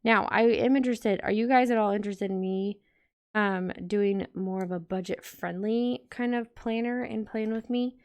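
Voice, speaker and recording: A woman's voice: medium pitch, fairly even intonation, moderate pace. A woman vlogger chatting casually to her viewers while decorating a planner, rambling and talking straight to the audience. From United States.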